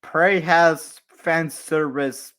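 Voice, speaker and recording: A young host leads a casual talk about films. He keeps things relaxed and joking, tossing in slang as he goes. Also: fairly high pitch, very slow. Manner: laid-back, joking, says "bro". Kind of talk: casual movie chat.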